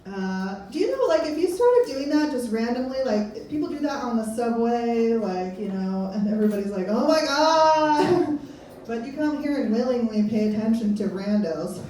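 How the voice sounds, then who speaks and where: A woman's voice: a little high, expressive, moderate pace, dark tone, a little hiss or hum. A stand-up comedian woman, echoey club from far off. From Pennsylvania. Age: 30s. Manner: rambling, self-mocking, laughing at own jokes.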